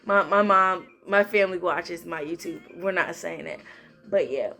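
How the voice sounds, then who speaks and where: A young adult woman vlogger in a casual movie review chat, animated and slangy, often acting out lines she quotes. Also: lowish voice, moderate pace, faint music behind.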